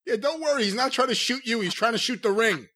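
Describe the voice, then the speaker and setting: A man with a high, bright voice hosts a casual chat, asking curious questions. His pitch moves a lot as he speaks. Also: animated, quick pace. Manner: curious questioner, laughs along. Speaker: podcast host.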